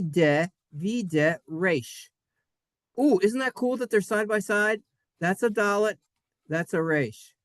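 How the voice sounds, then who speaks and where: An animated, encouraging Hebrew teacher leads a children's reading lesson. The voice swings playfully up and down and repeats phrases for emphasis. The sound is dry, with no room echo. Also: mid-range voice.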